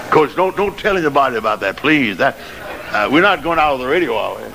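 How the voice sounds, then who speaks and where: A man preaching a sermon, telling a story dramatically and rising to shouted climaxes. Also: mid-range voice, sing-song, quick pace, gravelly. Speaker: pastor. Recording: noisy old sermon tape.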